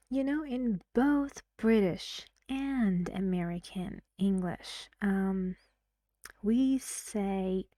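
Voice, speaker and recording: A native Persian-speaking woman teaches English pronunciation in a recorded lesson, explaining carefully and often asking the learner questions. Her voice is medium in pitch and warm, captured in clean studio sound with no echo.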